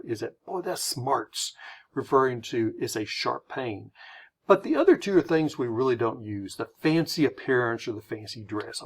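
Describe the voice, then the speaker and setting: Lively man giving a lesson. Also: medium pitch, creaky, slightly rough. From United States. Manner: friendly, explanatory, lively intonation. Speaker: presenter. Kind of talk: slide presentation lesson.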